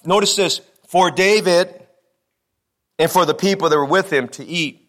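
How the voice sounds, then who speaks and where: A man with a high voice preaches from the pulpit. He leans hard on each point and draws out long lists from scripture one item at a time. He doubles back on his words as he drives toward the next thought. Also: moderate pace, a bit bright. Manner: repeats words when building a point. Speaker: pastor. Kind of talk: sermon.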